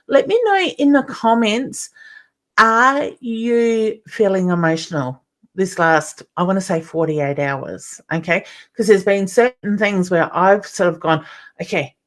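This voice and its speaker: A middle-aged Australian woman hosting a live stream as a psychic medium, chatting with viewers, reading out their comments and calling them honey. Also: fairly low pitch.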